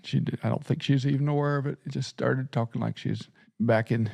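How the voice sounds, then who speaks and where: A man's voice: mid-range voice, steady tone, fairly quick, gravelly, mellow. A middle-aged man from Nebraska hosting a podcast in casual chat, chuckling often and restarting his sentences. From Nebraska, USA. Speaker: podcast host and seminary professor.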